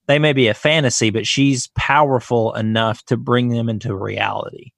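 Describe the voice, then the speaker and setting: A man's voice: medium pitch, fairly even intonation, normal speed, vocal fry, a bit bright, no room sound, clean studio sound. A man co-hosting a podcast in casual chat, speculating with confidence. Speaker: podcast co-host.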